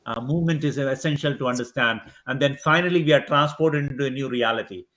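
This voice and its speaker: A man's voice: medium pitch, quick pace, sharp tone. A man speaking as a panelist on a video-call webinar, explaining a theological idea in a reflective way.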